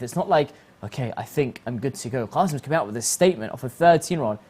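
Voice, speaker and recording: A man hosting a reflective religious talk, animated and acting out the voices he quotes. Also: medium pitch, fast, breathy edge. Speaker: host.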